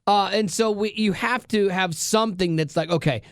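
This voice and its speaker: A man's voice: high voice, normal speed, clean tone, no room sound, clean studio sound. A middle-aged man hosting a radio show, telling stories in casual chat and acting out the voices of the people in them. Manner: animated storyteller, acts out voices.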